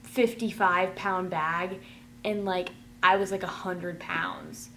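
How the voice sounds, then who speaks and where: A woman telling a rambling, chatty storytime, full of "like" and excited gushing. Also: fairly low pitch, slow, very noisy. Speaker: vlogger. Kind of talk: casual storytime.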